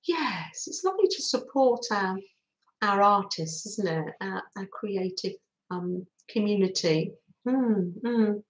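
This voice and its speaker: A woman hosting a live craft stream, chatting warmly with viewers and giggling often. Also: medium pitch, expressive, takes it slowly, roomy sound, poor audio. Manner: chatty, giggly, talks through snacking. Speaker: livestream host reading viewer comments.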